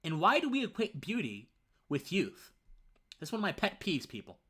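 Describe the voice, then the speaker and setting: Animated young man on a livestream. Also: sits high, normal speed, slightly rough. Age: young adult. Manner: rambling, stumbles over words and restarts; lively and conversational, says man often. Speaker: livestream host. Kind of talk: casual opinion livestream with chat.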